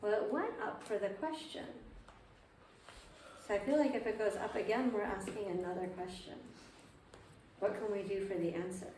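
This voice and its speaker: A woman's voice: medium pitch, normal speed, pauses often, darkish tone. A woman teaching a group piano class, patiently asking her students questions and repeating their answers. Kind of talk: group music lesson. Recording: roomy, distant, faint noise.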